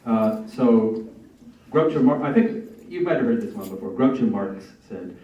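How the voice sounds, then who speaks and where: A man's voice: mid-range voice, lively intonation, normal speed, a little hiss or hum. A man hosting a literary reading night, chatting casually with many fillers and restarts, recorded from a distance in a large room. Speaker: event host. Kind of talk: casual introductions at a reading event. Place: library reading event. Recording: echoey hall, distant lo-fi mic.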